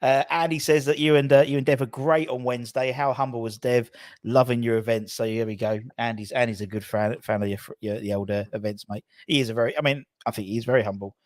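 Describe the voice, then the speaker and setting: A man's voice: medium pitch, steady tone, quick pace, no echo. A man hosting a fan channel's live chat, reading out viewer questions with enthusiasm. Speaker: channel host.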